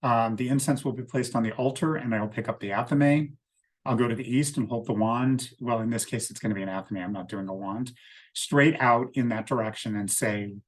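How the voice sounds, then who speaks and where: A man with a voice of ordinary pitch, walking listeners through a ritual one step at a time. His delivery is steady and methodical. He sounds like a leader preparing a group for a ceremony. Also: brisk. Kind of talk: explaining a ritual walkthrough.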